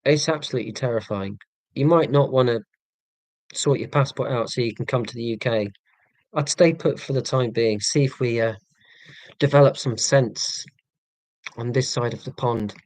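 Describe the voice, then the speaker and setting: Casual live-stream host: man, flat monotone, deadpan self-mocking humour, dry close sound. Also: medium pitch, normal speed, pauses often, no room sound. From England. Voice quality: monotone delivery.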